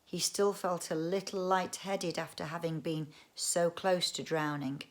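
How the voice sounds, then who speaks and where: A woman reading a children's book aloud, expressive and adding chatty asides. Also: medium pitch. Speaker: audiobook reader. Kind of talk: storybook read-aloud narration.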